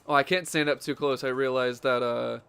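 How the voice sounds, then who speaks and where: A man's voice: mid-range voice, fairly even intonation, moderate pace, vocal fry, fairly bright tone, smooth. A man giving casual, jokey commentary while playing a fighting game, reacting aloud to each moment of the match. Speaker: gaming streamer.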